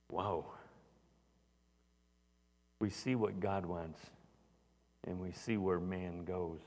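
A man with a fairly low voice preaches a sermon as the pastor. He talks loosely and conversationally, with many fillers and restarted phrases. His voice carries the long reverb of a large church hall. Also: steady tone, takes it slowly, long pauses, a little mellow.

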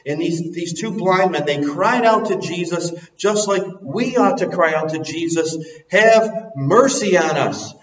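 Preacher in an echoey hall. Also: male voice, normal speed, few pauses. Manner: swings from soft and low to loud and soaring, sings a hymn line. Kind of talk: sermon. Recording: echoey hall, recorded from a distance, muffled.

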